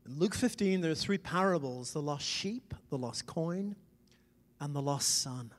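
High-voiced preacher in an echoing hall. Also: male voice, lively intonation, measured pace. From Wales. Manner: emphatic, conversational preaching with sudden loud swells. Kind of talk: sermon. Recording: long reverb in a large hall.

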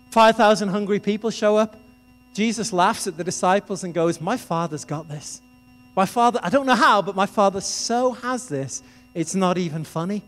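A man preaching a sermon in a conversational, storytelling way. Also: high-pitched. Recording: reverberant hall with music behind.

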